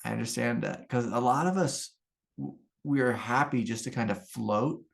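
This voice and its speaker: A man's voice: medium pitch, normal speed, vocal fry. A middle-aged American man, a meditation teacher, giving an informal, rambling spiritual talk full of anecdotes and fillers. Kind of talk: casual spoken satsang talk.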